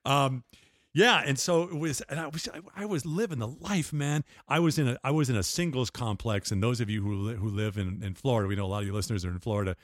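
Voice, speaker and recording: A man's voice: mid-range voice, fast, no echo, clean studio sound. An older man, a guest on an interview show, telling rambling stories with restarts and laughs. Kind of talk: casual storytelling interview.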